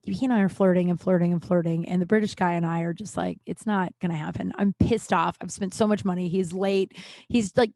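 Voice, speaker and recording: A woman's voice: on the low side, darkish tone, no room sound. A woman in her thirties, a comedian and podcast host, telling a long casual story in a rambling, self-deprecating way full of fillers and asides.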